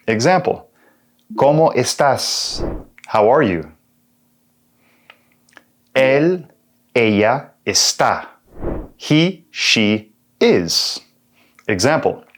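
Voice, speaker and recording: A man from Texas with a Texan accent, teaching a beginner language lesson and walking through examples one at a time. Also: medium pitch. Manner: slow and clear, repeating examples with translations. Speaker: Spanish teacher.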